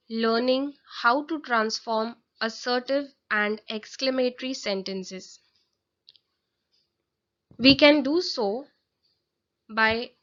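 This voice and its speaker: Woman, grammar teacher, very slow delivery, slightly high voice, dull lo-fi recording. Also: fairly bright tone. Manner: careful, explanatory, with small slips and self-corrections. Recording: dull lo-fi audio.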